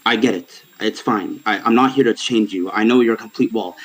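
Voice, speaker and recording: A man's voice: fairly low pitch, a little fast, over a noisy crowd, poor audio. A man calling in to a stream, laying out his argument earnestly and at length with frequent restarts. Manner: talks in earnest, at length, with frequent restarts, then mocks and laughs at the host. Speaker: caller, a viewer arguing on the stream. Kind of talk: heated online debate.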